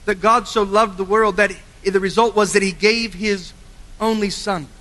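A man preaching a sermon with earnest emphasis, swinging from forceful lines to quiet, low endings. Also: fairly even intonation, normal speed. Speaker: pastor. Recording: long hall reverb.

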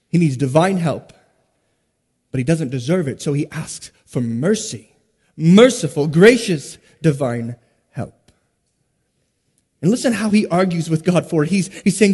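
A man preaching an expository sermon, with emphatic stresses, sudden hushed drops and rhetorical questions. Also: fairly high pitch, animated, breathy edge. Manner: rhetorical questions and dramatic pauses. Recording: long hall reverb.

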